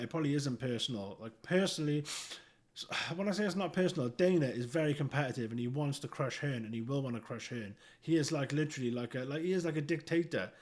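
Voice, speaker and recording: A man reading out news and giving blunt, profane, scornful commentary. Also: mid-range voice.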